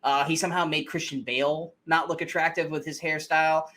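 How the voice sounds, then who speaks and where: With a fairly quick, steady delivery, this young podcast co-host shares his frank, profanity-laced views on movies in a relaxed chat. His voice is a little high and fairly bright.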